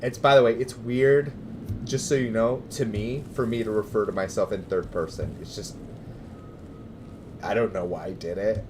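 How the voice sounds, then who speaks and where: Rambling Californian man streaming, low-voiced. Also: fairly even intonation, moderate pace, noisy background. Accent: American, Californian. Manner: rambling and hesitant, many restarts, bursts of loud cheerful greetings. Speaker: gaming livestreamer. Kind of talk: casual livestream chat with viewers.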